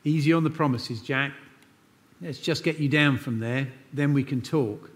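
A man voicing God as a calm, dry-humoured speaker talking down to a man on a cliff. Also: medium pitch, normal speed, lightly acted. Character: calm, wry male voice of God. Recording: long church reverb.

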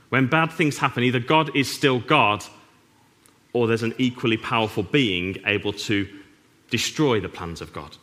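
A man preaching a sermon, earnest with dry humour and emphatic pauses, in a church. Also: mid-range voice, fairly bright tone.

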